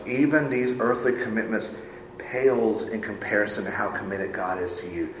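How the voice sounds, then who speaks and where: A male pastor delivers a sermon in a church sanctuary, his voice ringing through the room. He drops to hushed, low phrases and then rises to emphatic declarations. A faint hum of ambience sits behind him. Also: reverberant, poor audio.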